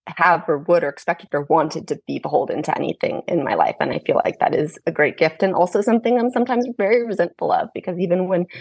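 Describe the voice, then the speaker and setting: A woman's voice: deep voice, a little mellow, slightly rough, no room sound. A millennial woman yoga teacher, a guest in an interview, talking in a thoughtful, frank way and laughing often. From Los Angeles. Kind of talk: reflective conversational interview.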